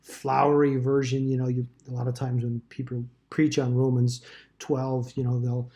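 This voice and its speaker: A man's voice: medium pitch, monotone, moderate pace, dark tone. A man teaching a Bible study class in a casual, rambling way, with dry asides.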